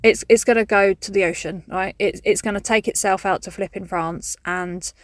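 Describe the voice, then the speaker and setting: A woman's voice: medium pitch, fairly even intonation, normal speed, no room sound, studio quality. A woman chatting casually in a garden vlog, jokey and self-mocking. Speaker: vlogger. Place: outdoors in a garden.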